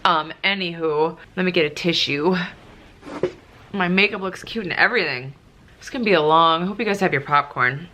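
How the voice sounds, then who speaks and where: A woman's voice: lowish voice, normal speed, background noise. A young woman chatting through a casual Q&A vlog, emotional and close to tears at times, with lots of fillers. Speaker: nurse and vlogger.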